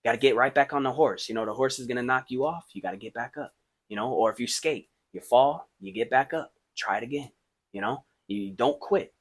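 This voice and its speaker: A man hosts his podcast, rambling through casual motivational advice with plenty of fillers and checks on the listener. He drops to a hush while thinking, then lifts into emphatic points. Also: mid-range voice, fairly quick. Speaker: podcast host.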